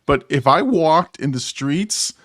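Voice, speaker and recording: A man's voice: on the high side, expressive, slow, a bit bright, no echo. Dry-sounding chatty man, host. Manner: rambling, self-deprecating, laughs often. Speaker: podcast host. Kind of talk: casual movie chat.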